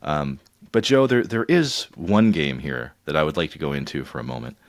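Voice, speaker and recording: A man co-hosting a podcast in casual chat, joking and playful with quick asides. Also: rumbling low, no echo, studio quality. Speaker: podcast co-host.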